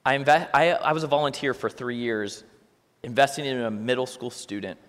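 A man's voice: medium pitch, steady tone, normal speed, fairly bright tone, in a large hall. A young man telling a church audience his own story in a talk, acting out both sides of conversations with dry humor. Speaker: speaker sharing a testimony.

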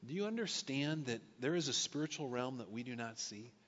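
A man's voice: medium pitch, animated, brisk, a bit bright. A male pastor preaching a sermon, reading scripture and adding casual conversational asides. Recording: echoey hall, dull lo-fi sound.

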